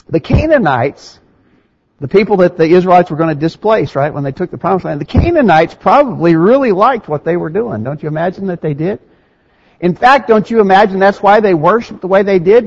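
A man's voice: a little high, darkish tone. A man preaching a sermon with emphatic delivery that rises to fervent peaks. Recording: dull lo-fi sound.

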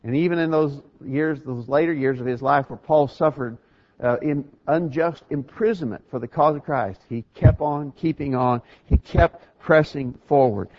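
A man's voice: fairly high pitch, normal speed, dull audio. A man preaching a sermon in an earnest, emphatic way, often restarting his phrases.

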